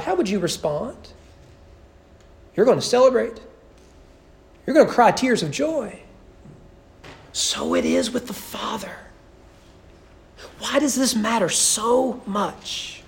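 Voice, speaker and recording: A man preaching a sermon in a church, conversational and full of rhetorical questions, slowing to a hush at key points. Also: very high-pitched. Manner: conversational, keeps asking "right?". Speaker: pastor.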